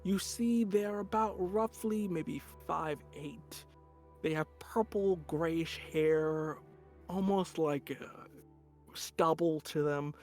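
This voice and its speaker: A man's voice: fairly high pitch, slow, darkish tone, soft background music. Casual male game master narrating. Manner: casual, rambling narration with fillers.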